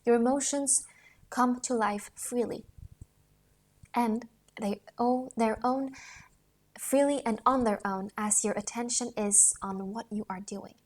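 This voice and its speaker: A woman reading a book on acting aloud in an earnest, instructional way, sometimes dropping to a hush. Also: a little high, fairly even intonation, slow pace. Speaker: audiobook reader.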